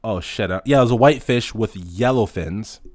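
A man hosting a casual solo podcast, telling profane stories in an animated way and acting out the dialogue. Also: on the low side, moderate pace, no echo, clean studio sound. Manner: acts out dialogue in anecdotes. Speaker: podcast host.

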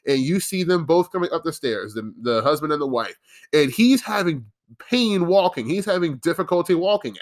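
Young male podcast host, slightly high voice, solo sarcastic rant. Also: fairly bright tone. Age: young adult. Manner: ranting, sarcastic, with frequent restarts. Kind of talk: casual solo podcast monologue.

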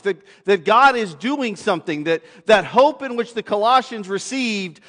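A man's voice: high voice, a bit bright. A man in his thirties preaching a sermon as a pastor, conversational and self-deprecating, often repeating a word as he starts a thought. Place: church sanctuary. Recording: long hall reverb.

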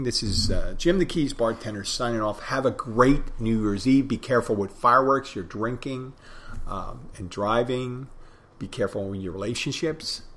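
A man's voice: mid-range voice, fairly bright tone. A middle-aged man hosting a podcast, talking in a rambling, folksy solo monologue. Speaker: podcast host.

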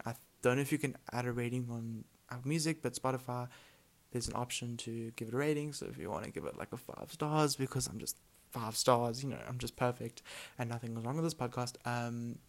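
Young guy podcasting solo, rambly and mumbly, lots of likes and ums, mid pitched. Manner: rambling, chatty, lots of filler words; mumbles words together. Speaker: podcast host. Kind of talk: casual solo podcast chat.

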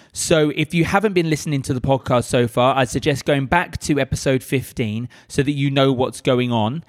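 A man's voice: mid-range voice, no room sound, clean studio sound. A man hosting a casual book club podcast, chatty and upbeat, laughing often. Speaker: podcast host.

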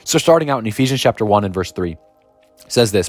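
Energetic man preaching over soft music. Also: fairly low pitch, dry recording. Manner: energetic, exclaims and reads verses slowly and emphatically. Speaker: podcast preacher. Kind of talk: podcast sermon with scripture reading.

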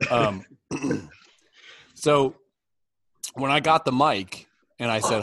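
A man's voice: medium pitch, animated, slow, long pauses, a bit bright, dry recording. A middle-aged man talks in loose, crude banter, rambling and joking as he tells stories. His voice sits in an everyday range, and the recording is dry and close with no room sound. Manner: joking, rambling, reads a roast speech aloud.

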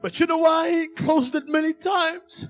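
A male preacher gives a fiery revival sermon. He shouts with folksy phrasing and breathy "uh" fillers, and his voice is pitched very high. Faint music sits in the background. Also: steady tone, moderate pace, dull audio.

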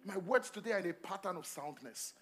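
A male pastor preaching a sermon at a church service, emphatic and repetitive, swinging between loud calls to the congregation and quiet asides. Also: sits high, animated, fairly quick, faint music behind. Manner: repeats phrases and asks the congregation questions.

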